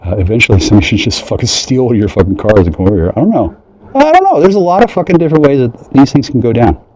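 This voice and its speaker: A man in a rambling, profane monologue who keeps breaking into mocking high voices. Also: rapid-fire, a little mellow, a little hiss or hum, low-quality recording.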